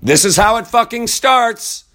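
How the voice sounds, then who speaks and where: A man's voice: extremely high pitch, animated, a little slow, sharp tone. A man giving a profane political rant, blunt and heated, who rambles as he searches online at his computer. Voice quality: blunt and heated, swears freely. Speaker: political commentator.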